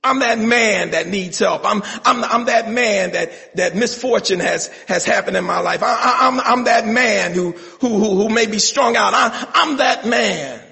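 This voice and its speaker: A middle-aged male pastor preaching a sermon, building to shouted, rhythmic call-and-response passages. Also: sits high, unhurried, vocal fry, few pauses. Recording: long hall reverb.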